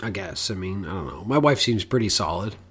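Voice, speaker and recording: A man co-hosting a podcast in casual chat, animated and jokey, with free swearing. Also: sits low, a little fast, breathy edge. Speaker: podcast co-host.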